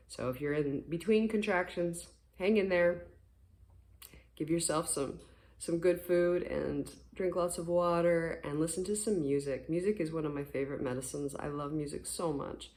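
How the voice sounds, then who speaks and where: A spiritual vlogger giving a casual morning talk to the camera, gentle, earnest and encouraging, rambling at times, with a voice a little rough from sleep. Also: mid-range voice.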